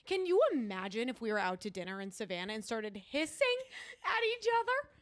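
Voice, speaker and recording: A woman's voice: medium pitch, a little fast. A woman in her twenties co-hosting a podcast, chatting expressively and laughing at herself. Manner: expressive, self-deprecating, prone to laughing. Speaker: podcast co-host. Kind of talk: casual chat.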